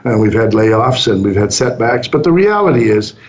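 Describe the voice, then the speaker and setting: A man's voice: lowish voice, sing-song, normal speed, slight background noise. A man in his sixties, a business owner and interview guest, telling stories in an easygoing way and acting out the lines he quotes. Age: 60s. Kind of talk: storytelling interview answers. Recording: dull muffled sound.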